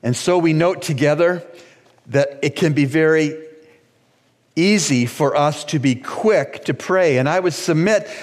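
A Bahamian pastor preaching a sermon, slow and deliberate, with dramatic pauses and sudden raised cries. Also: male voice, on the high side. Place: church sanctuary. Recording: long church reverb.

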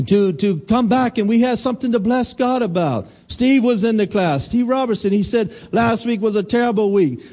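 A man's voice: high voice, mellow. A middle-aged man preaching a sermon as pastor, asking the congregation questions and calling for responses.

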